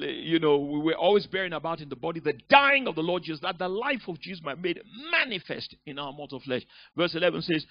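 A man preaching a sermon as pastor, emphatic, often rising into loud bursts. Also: a little high, dry recording. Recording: dull lo-fi recording.

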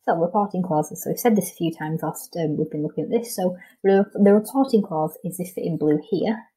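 A woman's voice: lowish voice, fairly quick, warm tone, breathy edge, poor audio. A woman with a Welsh English accent, a primary school teacher patiently explaining a recorded lesson step by step, with frequent ums.

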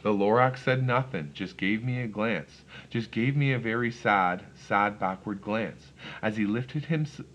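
A man reading a rhyming storybook aloud in first person, with expressive, rhythmic delivery. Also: lowish voice, unhurried, hardly any pauses, dull audio, a little hiss or hum.

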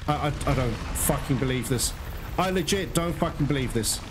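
Over game music in a very noisy recording, a man gives excitable gameplay commentary in a mid-range voice at normal speed. He swears often and repeatedly calls his viewers guys.

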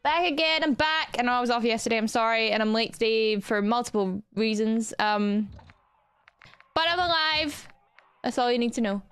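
A woman's voice: fairly high pitch, moderate pace, a bit bright, smooth, dry recording. A woman in her twenties chatting casually on a livestream, greeting viewers one after another and laughing often. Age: 20s.

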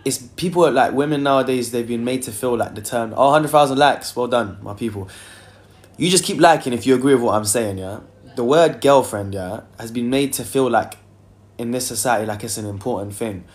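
A man's voice: mid-range voice, normal speed. A young man, chatting casually on a phone livestream and reading out viewer comments in a loose, filler-heavy way. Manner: loose and chatty, many fillers, sings softly in between. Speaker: singer hosting a livestream.

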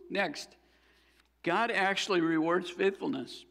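A man's voice: high voice, animated, measured pace, gravelly, fairly bright tone, in a large hall. A man preaching a sermon as pastor, earnest and building to fervent exhortation. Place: church sanctuary.

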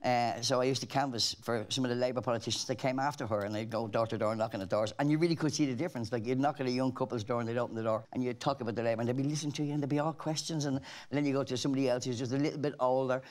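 A man's voice: medium pitch, fairly even intonation, rapid-fire, hardly any pauses. An Irish man, a talk show guest, telling rambling anecdotes in casual chat with frequent restarts.

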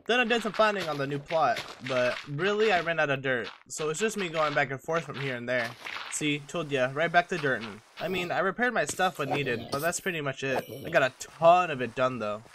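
A man's voice: a little high, brisk, noisy background. A young man giving a casual, joking and self-mocking voice-over on his own gameplay footage. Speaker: gaming channel host.

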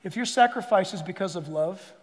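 Older pastor guy preaching, high voice, goes loud then real quiet, long echo off the hall. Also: fairly quick. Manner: animated preaching, swings from loud to hushed, jokes with the crowd. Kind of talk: sermon.

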